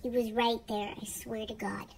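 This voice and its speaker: A woman exclaiming excitedly in casual chat, heard from some distance. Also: a little high, normal speed, gravelly, a little hiss or hum.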